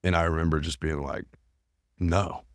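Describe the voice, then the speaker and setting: A man's voice: sits low, brisk, no room sound, clean studio sound. A male podcast host, talking earnestly and emphatically in a casual conversation. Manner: earnest and emphatic, repeats phrases.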